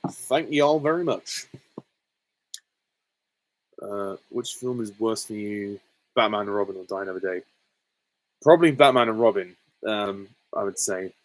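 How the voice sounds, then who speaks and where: A man's voice: lowish voice, normal speed, poor audio. A man hosting a live stream, reading out viewer questions and answering them in a candid, chatty way.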